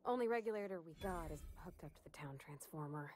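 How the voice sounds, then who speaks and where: A woman's voice: fairly low pitch, animated, fast talker, darkish tone, slight background noise, natural voice. A woman voicing a shy, eager young woman mechanic in a video game, who talks hesitantly and is keen to please. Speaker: game character.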